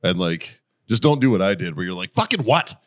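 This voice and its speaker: Deep-ish podcast dude, crude jokes, laughs a lot. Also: male voice, animated, fairly quick. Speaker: podcast co-host. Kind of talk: casual chat.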